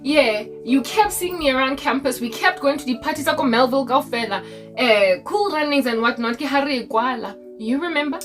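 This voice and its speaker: South african woman in her 40s, high voice, chatty and slangy, a bit off mic with faint music behind. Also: normal speed, distant mic. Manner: animated, laughing often, slangy. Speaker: Christian content creator. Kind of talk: casual storytelling monologue.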